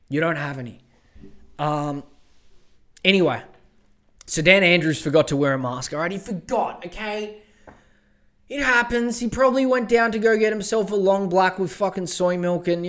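Profane ranting man. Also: fairly high pitch. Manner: profane, exasperated, rambling with many fillers. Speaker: podcast host. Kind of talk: casual rant.

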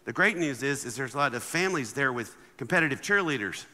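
A man giving a humorous sermon as a guest speaker, animated and acting out the people in his stories. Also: medium pitch, quick pace, slight background noise. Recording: long hall reverb.

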